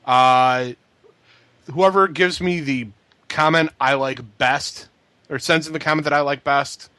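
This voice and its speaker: Podcast co-host, mid-pitched man, deadpan wit, dry close sound. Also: no room sound. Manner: wry, deadpan quips. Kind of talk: casual chat.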